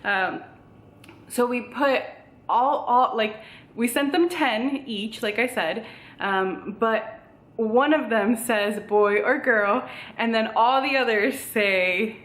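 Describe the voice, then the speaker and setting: Excited girl vlogging, a bit out of breath, kinda high voice, echoey room. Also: slow pace. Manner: bubbly and rambling, heavy "like" and "um". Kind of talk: casual vlog chat. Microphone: camera on a tripod.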